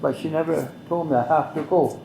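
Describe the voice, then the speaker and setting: An older man tells a story at an unhurried pace. His voice is gravelly and mellow. The recording has the echo of a roomy space. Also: a little high, slight background noise. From Mohawk Valley, New York. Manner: measured, repetitive, speaks some phrases in Mohawk. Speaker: guest elder. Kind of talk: slow oral storytelling.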